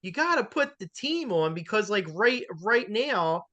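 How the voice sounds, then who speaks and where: A man's voice: high voice, sing-song, measured pace, bright, forceful tone, muffled recording. A man hosting a sports talk show, chatting casually and filling his sentences with "like" and "you know". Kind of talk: casual interview.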